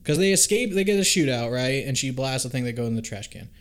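A man in casual movie watch-along chat, animated and profane, jumping into quick put-on voices for the characters. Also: medium pitch.

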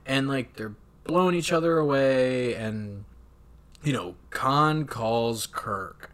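A man's voice: mid-range voice, slow. A man casually recapping a film with lots of swearing, acting out the characters' lines. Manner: profane, animated, acts out characters. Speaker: podcast co-host. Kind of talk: casual movie recap chat.

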